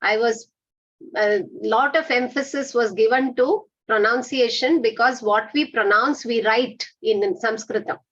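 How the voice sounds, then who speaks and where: A woman's voice: on the high side, measured pace, a bit bright, lo-fi sound. A woman teaching an online Sanskrit pronunciation class, patiently correcting and repeating words.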